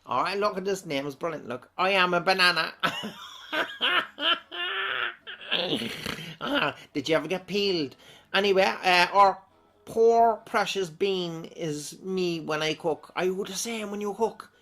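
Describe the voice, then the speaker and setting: A man's voice: high voice, moderate pace, bright, forceful tone. An Irish man reading out viewer comments in a chatty, rambling way, often breaking into laughter. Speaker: comedic vlogger.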